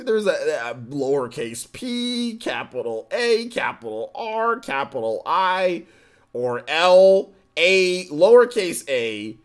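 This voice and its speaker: A man's voice: sits high, sing-song, slow. A man hosting a casual live stream, greeting viewers by name and teasing the chat in slangy, laid-back talk. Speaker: livestream host.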